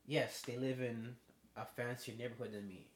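A man's voice: medium pitch, normal speed, a little hiss or hum. A young man, chatting casually on a podcast and acting out both sides of his stories. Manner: animated storyteller, acts out both sides of conversations. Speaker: podcast co-host. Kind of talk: casual chat. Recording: roomy echo.

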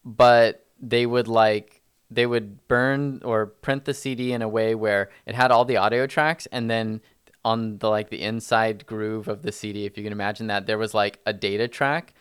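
A man's voice: on the low side, fairly even intonation, moderate pace, a bit bright, smooth, dry recording, clean studio sound. A man co-hosting a podcast, chatting casually and rambling with fillers and restarts. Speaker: podcast co-host. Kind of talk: casual chat.

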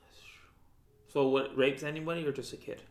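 A man's voice: fairly high pitch, fairly even intonation, quick pace. A young man telling rambling, profane stories in casual chat. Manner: profane, rambling storytelling with slang and Spanish quotes. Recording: echoey room.

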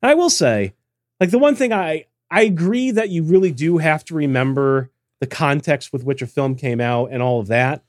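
A man's voice: on the high side, lively intonation, moderate pace, darkish tone, no room sound. A man co-hosting a casual podcast, reading listener emails with dry, teasing humor. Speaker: podcast co-host.

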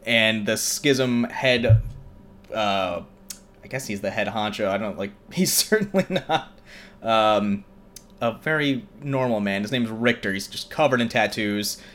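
A man's voice: on the low side, a little slow, fairly bright tone, slight background noise. A young man hosting a show, casually recapping a film in a rambling way with many fillers. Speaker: host.

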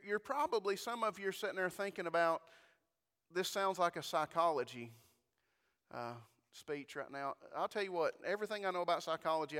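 Bright-voiced man preaching with amens. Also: high-pitched, clean tone, long reverb tail. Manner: conversational preaching, asks the congregation for amens; repeats words when starting a phrase. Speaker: pastor. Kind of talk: sermon.

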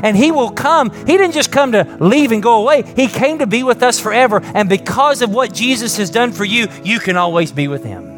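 A man's voice: extremely high pitch, lively intonation, a little fast, hardly any pauses, soft background music. A middle-aged man preaching a sermon in a conversational way, asking rhetorical questions and building to emphatic points. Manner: rising emphatic peaks then soft prayerful close. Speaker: pastor. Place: church with live congregation and online stream.

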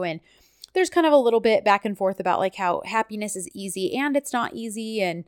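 A woman's voice: medium pitch, expressive, a little fast, clean tone, no room sound, clean studio sound. A woman co-hosting a casual chat, retelling episode scenes and quoting the characters' lines. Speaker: podcast co-host recapping a TV series.

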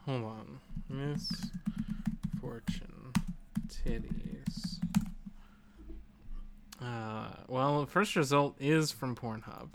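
A podcast co-host who drops deadpan jokes in casual chat. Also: mid-range voice, drawn-out words, long pauses, background noise.

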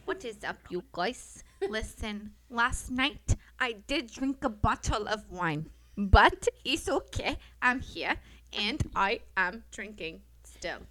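A woman's voice: fairly high pitch, expressive, slow pace, pushed and bright. A young woman co-hosting a podcast, chatting loosely with lots of swearing and giggles. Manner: loose, profane, giggly storytelling. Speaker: podcast co-host. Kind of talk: casual chat.

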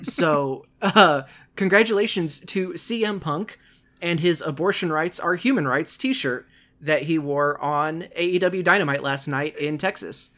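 A man's voice: a little high, unhurried, fairly bright tone. A man hosting a casual podcast, chatting animatedly, laughing often and acting out quotes. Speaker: podcast host.

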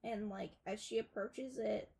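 A woman's voice: medium pitch, steady tone, unhurried, gravelly, mellow, rough recording. A young woman co-hosting a casual podcast, rambling through a film plot with frequent filler words. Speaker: podcast co-host. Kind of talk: casual chat retelling a film.

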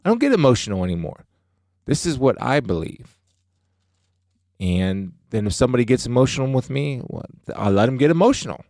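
A man's voice: medium pitch, sing-song, a little fast, a little mellow, no room sound, clean studio sound. A middle-aged man co-hosting a faith podcast, talking earnestly and emphatically about his beliefs. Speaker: podcast co-host.

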